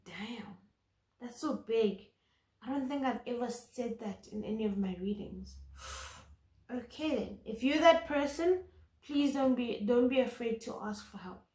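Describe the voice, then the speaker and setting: A woman's voice: fairly high pitch, unhurried, warm tone, roomy sound. A woman giving an intuitive tarot reading to camera, earnest and emphatic, often repeating words for stress. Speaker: tarot reader.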